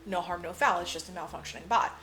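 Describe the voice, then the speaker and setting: With a fairly low, sharp-toned voice and a quick pace, this podcast co-host walks through a film's plot casually, voicing the characters' lines. Her talk is loaded with swearing and "like" fillers.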